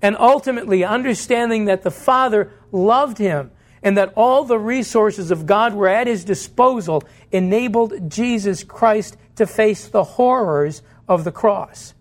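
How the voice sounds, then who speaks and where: A man with a high, light voice preaches a sermon in church. He speaks earnestly, putting questions to his listeners and answering them himself. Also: a little slow. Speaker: pastor.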